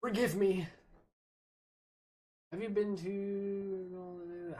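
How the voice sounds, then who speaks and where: A man's voice: medium pitch, expressive, normal speed, a little mellow, husky. A man chatting casually while playing a game, rambling from one story to the next and laughing often. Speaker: streamer. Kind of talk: casual gaming chat.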